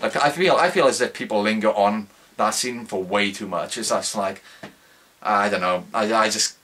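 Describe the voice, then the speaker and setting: A man's voice: on the low side, moderate pace, a bit bright. A young man giving a casual spoken movie review, rambling, with lots of filler words and restarts.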